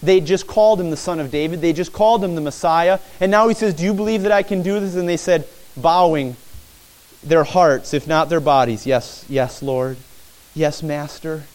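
A man's voice: high-pitched, fairly quick, darkish tone, poor audio. A man preaching a sermon as pastor, earnest and repetitive, often addressing the listeners as friends.

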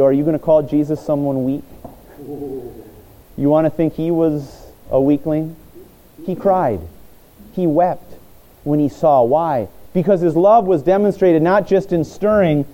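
A man preaching a sermon in an earnest way, pausing and restarting his phrases. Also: a little high, mellow, lo-fi sound. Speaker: pastor.

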